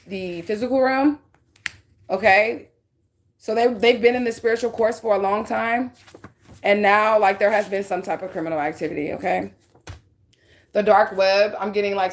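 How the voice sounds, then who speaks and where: Blunt, profane woman doing a psychic reading. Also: medium pitch. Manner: profane, blunt, street-talking, repeats "okay?". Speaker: psychic reader. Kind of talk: casual spiritual reading monologue.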